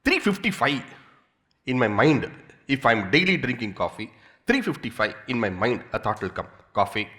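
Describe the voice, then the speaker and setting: A swami with an Indian English accent gives a spiritual discourse at a moderate pace in a medium-pitched voice. He tells everyday stories animatedly, repeating things playfully.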